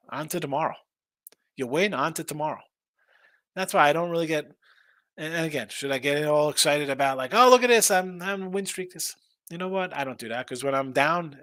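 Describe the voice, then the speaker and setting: A man's voice: on the high side, bright, forceful tone, no room sound. A man hosting a casual betting stream, rambling through picks, repeating himself and reading out chat messages. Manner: restarts and repeats words often. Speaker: sports betting show host.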